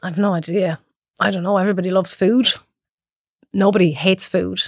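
An Irish woman chatting as a podcast guest, telling lively stories and acting out her own reactions. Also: lowish voice, normal speed, slightly rough, dry recording, studio quality. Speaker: guest cook. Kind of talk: casual chat.

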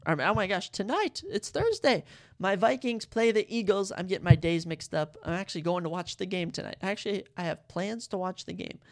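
A podcast host giving sports picks in casual chat, excitable and rambling, often correcting themselves. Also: mid-range voice, brisk, gravelly. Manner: excitable, fired-up fan talk; rambling, self-correcting asides.

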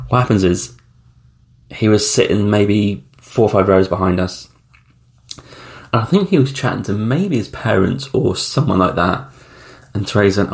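A man's voice: on the low side, normal speed, creaky. A man in his thirties hosting a solo podcast, telling travel stories in a rambling, chatty way with blunt slang and frequent ums. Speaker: podcast host. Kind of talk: casual solo travel storytelling.

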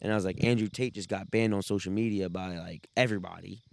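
A young man co-hosting a casual podcast, telling stories loudly, swearing a lot and laughing often. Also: low voice, fairly even intonation, fast talker, creaky. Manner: loud, profane storytelling, laughs often. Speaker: podcast co-host.

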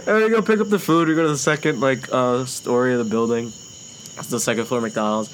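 In a fairly quick, medium-pitched voice, a young man relates a lengthy story in casual conversation, swearing heavily. Frequent laughter and acted-out quotes run through it, and faint background noise can be heard.

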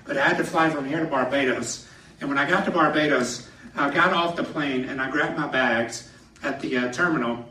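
A man preaching a sermon as a pastor, telling personal stories in an animated way and laughing through them, from a podium in a church sanctuary. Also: a little high, normal speed. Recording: echoey hall, somewhat distant.

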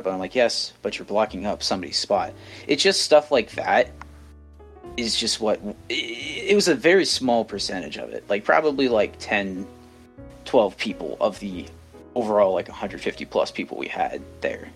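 A man's voice: on the low side, expressive, normal speed, breathy edge, soft background music. A young man co-hosting a podcast, telling a story in casual chat, rambling with many restarts. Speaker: podcast co-host.

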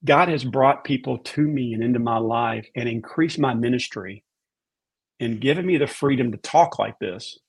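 Speaking as a podcast guest, a man talks earnestly about faith in a mid-range, slightly husky voice. He repeats words to add emphasis.

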